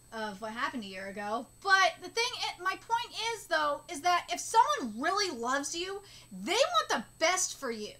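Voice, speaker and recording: A woman's voice: high voice, sharp tone. A woman ranting indignantly and swearing in a live reaction to a manga chapter.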